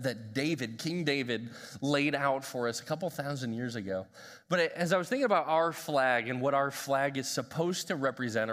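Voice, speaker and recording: A man in his thirties, a pastor giving a live sermon in a church with energetic, humorous storytelling. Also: mid-range voice. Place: church sanctuary. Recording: reverberant church hall.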